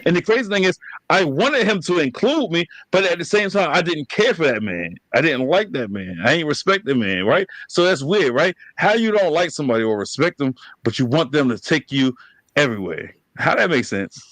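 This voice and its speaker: Black dude hosting a podcast, swearing, animated storytelling, kinda high voice. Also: male voice, fairly quick, no room sound, poor audio. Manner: profane, animated storytelling with laughs. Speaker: podcast host. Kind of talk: casual conversation with his brother.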